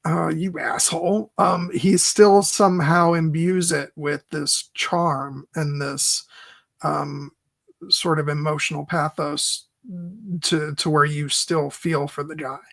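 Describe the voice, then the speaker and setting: A man co-hosting a film podcast, talking in a halting, filler-heavy way and laughing as he retells scenes. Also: a little high, steady tone, creaky, fairly bright tone, no room sound, clean studio sound. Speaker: podcast co-host. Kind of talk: casual film discussion.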